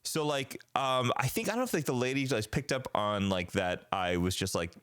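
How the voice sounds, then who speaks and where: A man's voice: medium pitch, animated, fairly quick, fairly bright tone, clean tone, dry recording, clean studio sound. A man in his forties hosting a casual podcast, telling stories with lots of fillers and restarts. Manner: rambling storyteller with many fillers. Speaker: podcast host.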